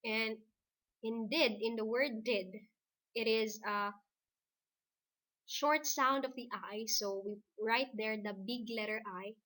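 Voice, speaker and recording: A woman teacher with a Filipino English accent gives a recorded lesson. She talks slowly and deliberately, spelling things out one at a time. Her voice sits a little high. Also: bright, forceful tone. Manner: slow, deliberate dictation.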